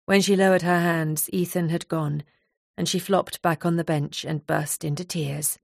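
A woman with a lowish voice narrates a novel. She reads steadily and evenly. The sound is dry and close, with no room at all. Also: steady tone, normal speed, vocal fry, no room sound. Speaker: audiobook narrator. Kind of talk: scripted narration.

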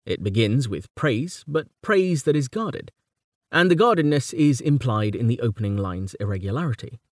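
A man narrates a scripted lesson in a measured, exact manner, and his pitch rises and falls a great deal. The sound is dry and close, with no room around it. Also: animated, dry recording. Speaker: lecturer on poetry.

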